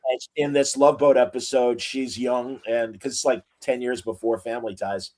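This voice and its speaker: A congested man down with the flu, talking at an ordinary middle pitch. He rambles through his stories with plenty of "uh"s in a loose, casual podcast chat. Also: steady tone, darkish tone. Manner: rambling, halting storyteller with many "uh"s. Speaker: podcast co-host.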